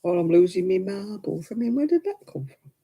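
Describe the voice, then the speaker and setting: A woman's voice: medium pitch, very animated, a little fast, warm tone, slightly rough. A middle-aged woman chatting at home while she crochets, poking fun at herself and laughing often. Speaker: crafting vlogger. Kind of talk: casual chat while crocheting.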